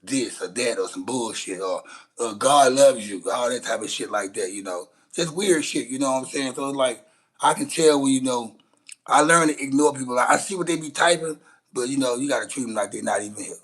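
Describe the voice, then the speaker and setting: Blunt husky man ranting. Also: medium pitch, fairly quick, a bit bright, low-quality recording. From Shreveport, Louisiana, USA. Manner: blunt, profane, rambling with restarts. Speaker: livestream host. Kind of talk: casual livestream rant.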